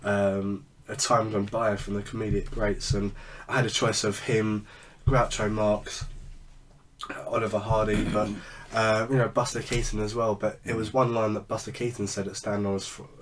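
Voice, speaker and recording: Low-voiced man, distant mic. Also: flat delivery, normal speed, a little hiss or hum. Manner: rambling, many fillers and restarts. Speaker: podcast co-host. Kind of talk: casual chat.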